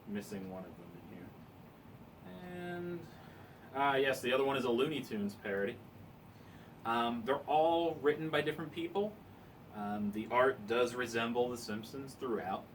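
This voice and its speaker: A man's voice: medium pitch, fairly bright tone, distant mic, rough recording. Easygoing man reviewing comics, faint room noise. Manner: easygoing, self-mocking. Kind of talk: casual review chat.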